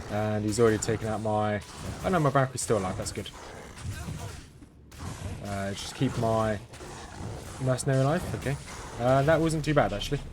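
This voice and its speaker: A man hosting a let's-play, talking through his game in a flat, understated way as he thinks aloud. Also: mid-range voice. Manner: monotone, understated delivery; thinking aloud while playing. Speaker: gaming channel host.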